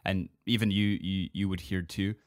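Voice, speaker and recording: A man's voice: deep voice, little pitch movement, normal speed, no room sound, clean studio sound. A man hosting a podcast, asking curious follow-up questions in casual chat. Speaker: podcast host.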